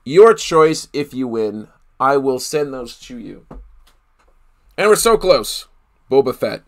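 A man's voice: mid-range voice, sing-song, slow pace. A man from Canada hosting a live card break, chatting casually with viewers, laughing often and thinking aloud with fillers.

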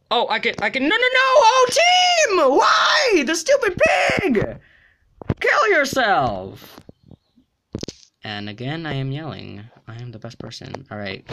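A young man giving excited gameplay commentary, jumping between mumbling and sudden yelps and shrieks. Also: lowish voice, noisy background. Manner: jumpy, yelps and shrieks when threatened. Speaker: gaming YouTuber.

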